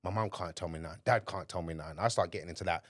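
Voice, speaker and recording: A man's voice: low voice, rapid-fire, no room sound, studio quality. A man co-hosting a podcast, talking frankly in slang and acting out his own inner voice. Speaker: podcast co-host. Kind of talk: candid conversation.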